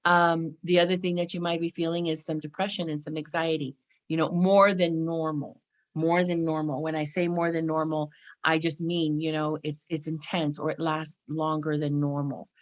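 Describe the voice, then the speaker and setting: Woman in her 40s from california, slightly low voice, chatty spiritual vlog talk, lots of "you know". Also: little pitch movement, moderate pace. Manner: chatty, frequent "right?" and "you know", acts out exclamations. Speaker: spiritual vlogger. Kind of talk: casual spiritual talk to camera.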